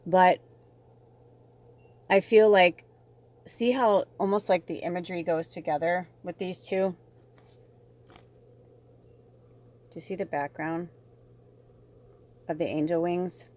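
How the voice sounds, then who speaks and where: A woman's voice: lowish voice, slow, long pauses, a little mellow. A woman casually talking through a spiritual tarot reading to her viewers, rambling and bubbly in manner. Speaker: tarot reader.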